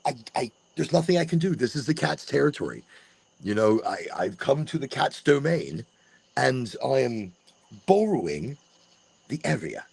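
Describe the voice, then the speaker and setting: Outdoors on rural land with crickets and insects in the background, a man hosts a casual late-night podcast monologue. His mid-range voice is creaky, husky, and darkish, and he rambles and restarts his words as he drifts between jokey asides and earnest encouragement.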